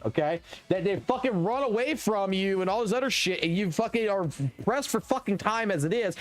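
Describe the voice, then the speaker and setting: A man streaming a game live, ranting with heavy swearing in an animated, excitable way. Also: sits high. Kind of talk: profane live stream rant while gaming.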